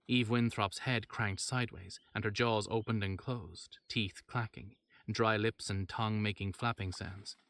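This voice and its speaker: A man reading a horror story aloud in steady narration, with wry asides. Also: lowish voice, dry recording.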